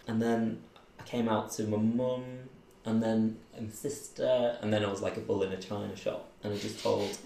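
A man recounts his own story in relaxed conversation, slipping into the voices of the people in it. His voice is low and gravelly. The room around him is roomy and echoing. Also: moderate pace, a little hiss or hum. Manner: chatty, laughs often, acts out voices in his story. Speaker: interviewee. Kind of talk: casual personal storytelling.

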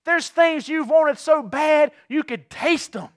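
A man preaching a sermon to his church, telling stories with big swings from quiet asides to shouts. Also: very high voice, takes it slowly, no room sound, clean studio sound. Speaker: pastor.

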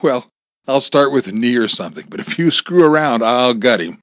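A man's voice: mid-range voice, lively intonation, normal speed, dry recording, studio quality, lightly acted. A man voicing a menacing, sarcastic male kidnapper who taunts his victim over the phone, in a storybook reading. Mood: taunting. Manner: taunting, mocking, cruel.

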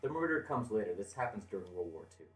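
A man co-hosting a casual podcast, cutting in with dry deadpan jokes. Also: lowish voice, fast. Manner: dry joking interjections. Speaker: podcast co-host. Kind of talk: casual chat.

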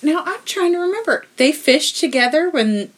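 A woman co-hosting a casual movie discussion, chatty, with quick asides and easy laughter. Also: high voice, animated. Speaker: podcast co-host.

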